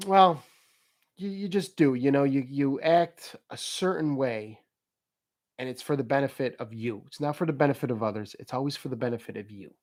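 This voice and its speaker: A man's voice: medium pitch, normal speed. A man talking casually as host, telling a story and giving motivational advice, laughing as he goes. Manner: animated, laughs while telling stories.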